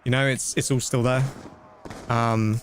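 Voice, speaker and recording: A man chatting casually while streaming a game, rambling and breaking into quick exclamations. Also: mid-range voice, little pitch movement, a little hiss or hum. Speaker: gaming streamer. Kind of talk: casual live-stream commentary.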